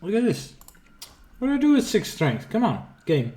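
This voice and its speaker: A man's voice: high-pitched, huge pitch swings, moderate pace, warm tone. A man streaming a video game, thinking aloud and swearing freely in casual commentary.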